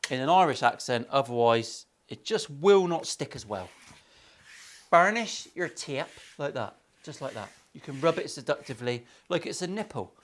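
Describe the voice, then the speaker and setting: Crude joking English luthier. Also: male voice, on the high side, fairly bright tone. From England. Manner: crude, swearing, joking asides. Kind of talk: workshop vlog banter. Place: guitar workshop.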